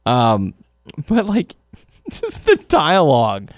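A man's voice: a little high, huge pitch swings, slow, no echo, studio quality. A man co-hosting a casual podcast, joking and acting out dramatic lines. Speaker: podcast co-host. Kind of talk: casual chat.

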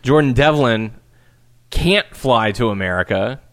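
A man chatting casually as a podcast co-host, animated and acting out what others said. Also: medium pitch, measured pace, dry recording, clean studio sound. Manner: animated, acts out quotes in put-on voices. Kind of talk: casual chat about wrestling.

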